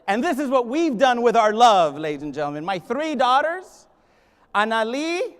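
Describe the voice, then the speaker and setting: High-voiced man joking at a conference podium. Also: expressive, a little slow, a bit bright, smooth. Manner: joking, addresses the crowd directly, switches into Spanish. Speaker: keynote speaker, high school principal. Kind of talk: humorous conference keynote speech. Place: large conference hall. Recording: long reverb of a large conference hall.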